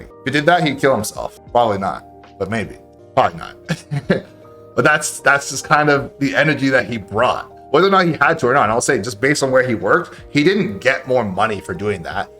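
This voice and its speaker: A man speaking on a live stream in a blunt, profane, animated way, acting out quoted voices as he gives advice. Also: mid-range voice. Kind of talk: casual live-stream rant.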